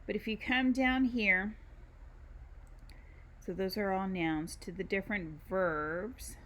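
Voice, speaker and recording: A woman talks through a recorded university lecture at a slow, deliberate pace. She stops often, fills gaps with ums, and explains each point one step at a time as she moves through her material. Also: mid-range voice, fairly bright tone, a little hiss or hum. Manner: unhurried, explains with many ums and pauses. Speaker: university instructor. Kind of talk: recorded screen-share lecture.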